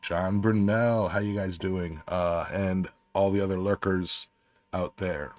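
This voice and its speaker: A man's voice: low-pitched, fairly even intonation, slow pace. A man hosting a casual livestream chat, talking loosely with many fillers and laughs. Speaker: podcast host.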